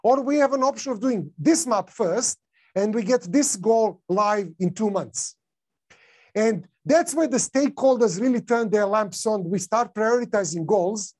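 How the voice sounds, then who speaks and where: A man's voice: sits high, unhurried, a little mellow. A man with a non-native English accent giving a conference talk, casual, with many fillers and restarts. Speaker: conference speaker.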